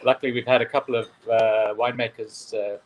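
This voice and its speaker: A man's voice: mid-range voice, level tone, brisk, poor audio. A man joining remotely as a wine merchant guest, enthusiastic and rambling, with many fillers. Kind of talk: interview answers. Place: London.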